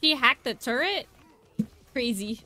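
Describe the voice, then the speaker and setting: Woman streamer, high bright voice, unhurried, giggly and teasing on voice chat. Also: expressive. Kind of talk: casual gaming stream chat.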